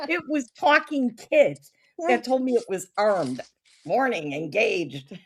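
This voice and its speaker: A woman's voice: high voice, very animated, measured pace, a bit bright. A woman hosting a casual chat, telling a long anecdote and laughing often as she goes. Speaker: podcast host.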